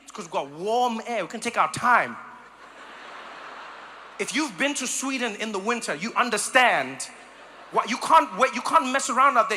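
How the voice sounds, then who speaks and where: A man doing stand-up comedy, animated and acting out voices and sounds. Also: extremely high pitch, moderate pace, a little hiss or hum. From South Africa.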